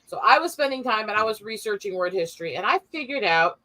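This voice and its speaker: A woman's voice: medium pitch, lively intonation, fast, bright, forceful tone. A woman in her forties, co-hosting a livestream, telling a story in casual chat, laughing often and swearing freely. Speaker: podcast co-host.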